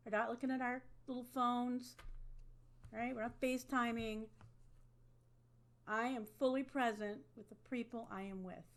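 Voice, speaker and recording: A woman's voice: fairly high pitch, steady tone, normal speed, pauses often. A woman teaching an online class to a webcam, talking in a conversational way and often checking in with "okay?". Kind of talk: online lecture.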